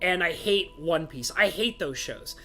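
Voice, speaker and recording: Slow-talking woman ranting. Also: on the low side, animated, bright, forceful tone, faint music behind. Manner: exasperated, emphatic, repetitive ranting. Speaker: channel host. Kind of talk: casual ranting vlog.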